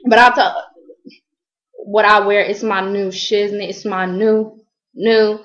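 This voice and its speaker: A woman's voice: mid-range voice, little pitch movement, takes it slowly, dull audio. A woman from Columbus, Ohio, telling a story in a casual vlog, rambling and slangy with lots of fillers. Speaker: vlogger.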